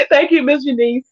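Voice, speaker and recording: A woman's voice: high voice, fairly bright tone, dry recording. A chatty woman with a drawl hosts a casual livestream, reading out her viewers' comments and breaking into frequent laughter. The sound is dry and slightly dull, from a lo-fi mic. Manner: laughs often, reads viewer comments aloud, Southern US slang. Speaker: livestream host reading chat.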